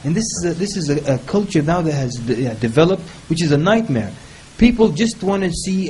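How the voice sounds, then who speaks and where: A man speaking on a panel, giving advice in a lively, humorous way and mimicking people in quick quoted asides. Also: fairly high pitch, a little hiss or hum, poor audio. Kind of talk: casual panel talk.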